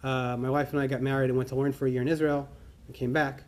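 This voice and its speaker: A middle-aged man telling a personal story to a conference audience, acting out the dialogue in an animated way. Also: medium pitch, fast talker, slight background noise. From New York. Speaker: conference speaker. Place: conference hall.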